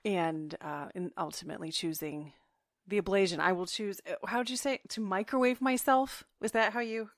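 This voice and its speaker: A woman co-hosting a podcast, chatting casually with her spouse in a soft-spoken, affectionate, gently teasing way. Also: medium pitch, normal speed, no echo. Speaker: podcast co-host.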